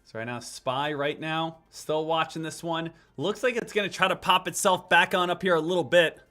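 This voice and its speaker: Guy doing live stock trading commentary, kinda high and punchy, says the same call twice, faint music behind. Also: fairly even intonation, normal speed, pushed and bright. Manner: casual, repeats ticker calls over and over. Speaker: stock trading livestream host.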